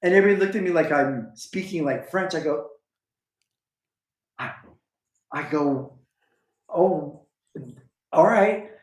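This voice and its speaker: A man telling a long story in a casual chat, rambling with restarts and acting out quoted lines with big jumps in pitch. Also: slow, long pauses, roomy sound, rough recording. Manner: animated, acts out quoted lines with a jumping pitch.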